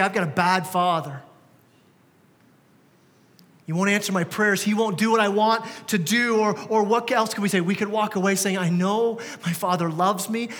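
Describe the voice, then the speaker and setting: In a church sanctuary full of long hall reverb, a pastor in his thirties preaches a sermon. His voice sits high with a slightly bright tone, and he talks conversationally, peppering the congregation with rhetorical questions.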